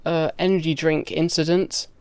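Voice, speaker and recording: A woman's voice: sits low, little pitch movement, normal speed, darkish tone, smooth, no room sound. A young trans woman speaking frankly in a direct-to-camera video diary, with plenty of casual fillers. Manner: candid, frank, frequent fillers. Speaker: video diarist.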